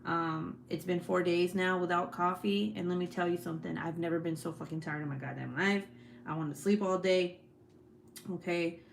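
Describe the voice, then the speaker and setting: A woman around thirty hosting a casual live stream, talking loudly with plenty of swearing and laughter. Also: lowish voice, fairly even intonation, normal speed, vocal fry, a little hiss or hum. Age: 30s. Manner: loud and profane, laughing often. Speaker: host.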